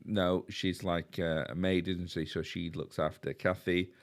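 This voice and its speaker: A man's voice: deep voice, flat delivery, measured pace. A man with a Yorkshire accent, co-hosting a podcast and casually recapping a film plot with fillers and tag questions. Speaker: podcast co-host.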